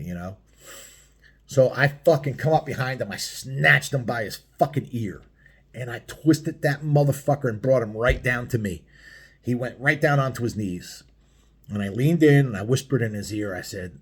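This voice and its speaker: A man's voice: mid-range voice, moderate pace, husky. A middle-aged man telling a biker story in a casual vlog, swearing a lot and rambling with many fillers. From United States.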